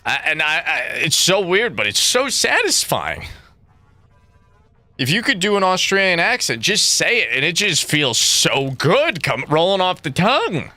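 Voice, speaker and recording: A man's voice: sits high, very animated, a little slow, bright, forceful tone, no echo. A young man streaming a game, chatting casually with viewers in a rambling, profane way that keeps breaking into laughter. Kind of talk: casual livestream chat.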